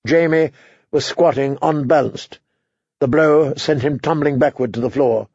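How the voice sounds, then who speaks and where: A male narrator with a slightly high, gravelly and husky voice reads an audiobook at a slow, steady pace. The recording is dry and close, with a dull, lo-fi sound. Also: dry recording. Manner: steady, unhurried reading.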